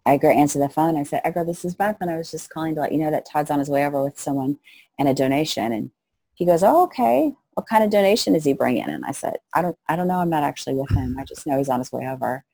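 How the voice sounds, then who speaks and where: A middle-aged woman with a low, gravelly voice tells her stories in a dark, husky tone. She acts out the people she quotes as she goes. The recording is close and dry. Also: fast talker, no room sound. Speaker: guest, missionary to orphans. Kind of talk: storytelling interview.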